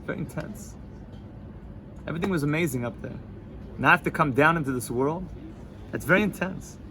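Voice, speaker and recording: A man, teaching an informal Torah class to students, animated and joking, sprinkling in Hebrew and Yiddish terms. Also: a little high, a little fast, noisy background. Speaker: yeshiva rabbi teaching students.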